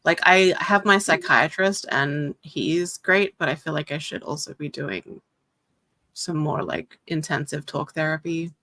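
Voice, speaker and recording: A woman's voice: deep voice, expressive, unhurried, bright, forceful tone, no room sound. A woman chatting casually, rambling with frequent fillers. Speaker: co-host. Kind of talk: casual chat.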